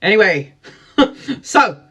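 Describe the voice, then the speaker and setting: A woman in her forties telling a story casually on a live stream, animated and laughing often as she greets viewers. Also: mid-range voice, takes it slowly, slightly rough. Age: 40s. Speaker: tarot reader hosting a live stream.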